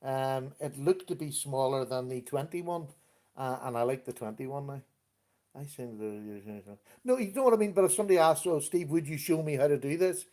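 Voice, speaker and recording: A man's voice: medium pitch, expressive, normal speed, a little mellow. A middle-aged man hosting a casual live stream, chatting easily and greeting viewers by name. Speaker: livestream host.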